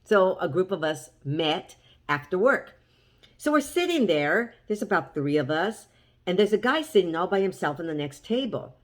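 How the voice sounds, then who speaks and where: A woman's voice: on the low side, sing-song, normal speed. A woman chatting to the camera as she tells a story, animatedly quoting what everyone said. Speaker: vlogger. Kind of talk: casual storytelling.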